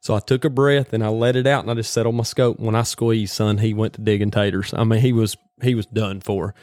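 Animated man telling a hunting story. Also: on the low side, a little fast, no echo, studio quality. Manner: animated, folksy rural slang. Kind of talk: casual storytelling.

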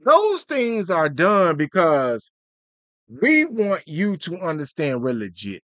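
A man's voice: a little high, slow pace, dry recording. A man co-hosting a podcast in casual, slangy chat, playing out little skits as he talks. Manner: animated, slangy, plays out skits. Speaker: podcast co-host.

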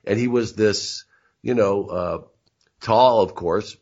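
Male host, hesitant and agreeable, low husky voice, muffled audio. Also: takes it slowly, darkish tone. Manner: hesitant, agreeable, lots of fillers. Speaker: podcast host. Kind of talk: casual interview.

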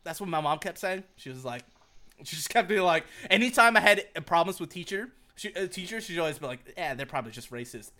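A young man from Virginia co-hosting a podcast, telling stories in an animated, profane, laugh-filled casual chat. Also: high-pitched, fairly quick. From Virginia, USA. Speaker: podcast co-host. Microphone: podcast mic on a group call.

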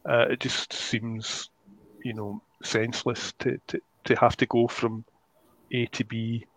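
A man's voice: medium pitch, level tone, unhurried, fairly bright tone, low-quality recording. A man who is a guest creator, talking in a rambling, casual way on a podcast and often searching for his words.

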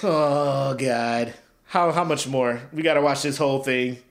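A man's voice: medium pitch, a little slow, soft background music. A man co-hosting a comedy podcast, telling stories in casual, profane chat and acting out the people in them. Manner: animated storyteller, acts out voices, profane. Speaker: podcast co-host.

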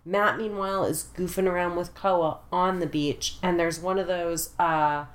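A woman co-hosting a podcast, telling stories with a playful, joking edge. Her voice is a little low. She keeps the talk loose and casual. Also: steady tone, a little slow, echoey room. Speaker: podcast co-host. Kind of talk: casual chat.

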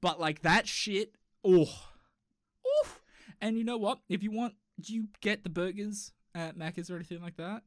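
A man's voice: high voice, moderate pace, no room sound. A young man co-hosting a podcast in casual, joking, rambling chat. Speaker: podcast co-host.

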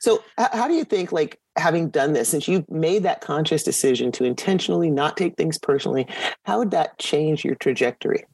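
A woman's voice: deep voice, lively intonation, a little fast, darkish tone, slightly rough, no echo. A woman hosting a podcast interview, reflecting back what her guest says and asking follow-up questions. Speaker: podcast host. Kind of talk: casual interview chat.

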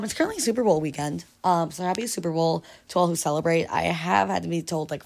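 A young woman hosting a solo podcast in a casual, rambling chat, giggling often and trailing off into quiet mumbles. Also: low-pitched, creaky. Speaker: podcast host.

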